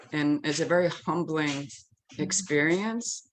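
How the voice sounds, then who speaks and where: Older woman minister, low voice, choked up, stop-start personal sharing. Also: fairly even intonation, slight background noise, low-quality recording. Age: 60s. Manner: halting, emotional, with many restarts. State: tearful. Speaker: interfaith minister. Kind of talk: personal sharing in a faith circle.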